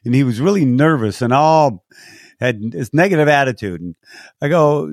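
A man's voice: mid-range voice, moderate pace, no echo. An older man from San Diego recounts his years as a race announcer, his voice jumping up whenever he acts out what people said. The sound is dry and close. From San Diego, California. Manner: animated, acts out quotes with lifted voice. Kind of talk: storytelling interview answers.

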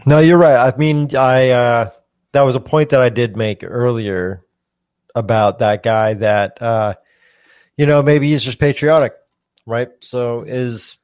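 A man co-hosting a talk show, speaking in a measured, hesitant way. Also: mid-range voice, steady tone, darkish tone, clean tone, no room sound. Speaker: co-host. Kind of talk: casual talk show chat.

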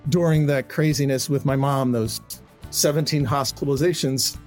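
A man in a played clip, calmly telling a personal account in a conversational way. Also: mid-range voice, normal speed, soft background music. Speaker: interviewee clip.

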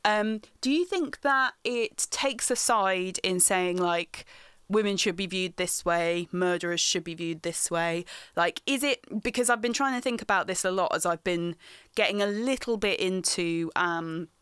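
Chatty woman, smooth dry voice. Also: fairly low pitch, a little slow, a bit bright, no echo. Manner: chatty, giggly, lots of restarts and fillers. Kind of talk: casual chat.

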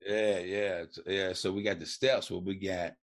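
A man's voice: sits low, level tone, normal speed. A middle-aged man, a recovery coach, telling his story in a casual interview, colloquial, acting out the voices he quotes. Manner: colloquial, repeats "man" and "you know". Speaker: recovery coach and podcast guest.

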